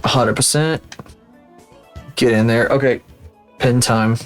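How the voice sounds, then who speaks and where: A male streamer talks loosely and profanely as he works, in a voice of middling pitch. He rambles and jokes at his own expense. Faint music plays underneath. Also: fairly even intonation, slow. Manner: rambling, profane, self-mocking. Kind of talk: casual live-stream chat while working.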